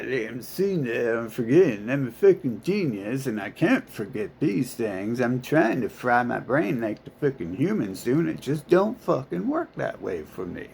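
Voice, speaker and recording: A man's voice: mid-range voice, creaky, a little mellow, slight background noise. A man talking in a rambling, profane monologue full of filler words and restarts.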